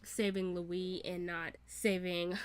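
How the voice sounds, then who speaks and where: A woman with a lowish voice and flat delivery gives reaction commentary as a channel host. She rants in an exasperated, profane manner, restarting often, using many "like" fillers, firing off quick rants and laughing.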